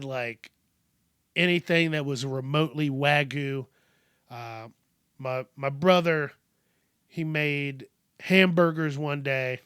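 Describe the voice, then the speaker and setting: A man's voice: a little high, fairly bright tone, clean tone, dry recording, clean studio sound. A man hosting a comedic news podcast, ranting in a profane, rambling, sarcastic way. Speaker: podcast host.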